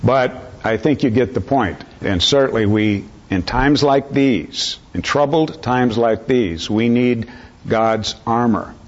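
A man preaching a sermon in an unhurried, earnest way, drawing in his listeners. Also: mid-range voice. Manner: unhurried, earnest, calls for amens. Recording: slightly dull lo-fi recording.

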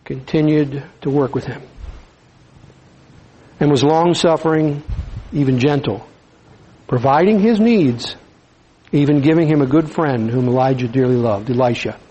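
Male preacher, relaxed and folksy, soft-spoken emphasis. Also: on the high side, poor audio. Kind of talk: sermon.

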